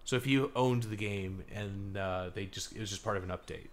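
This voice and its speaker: A man co-hosting a casual gaming podcast, talking loosely with lots of fillers and getting animated when he tells a story. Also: lowish voice, fairly quick. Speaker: podcast co-host.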